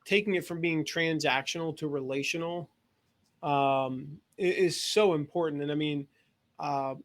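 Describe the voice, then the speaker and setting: Brief: male interview host, somewhat high voice, loose and chatty, laughs a lot. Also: steady tone, measured pace. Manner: chatty, laughs easily, asks rambling questions. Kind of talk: casual podcast interview.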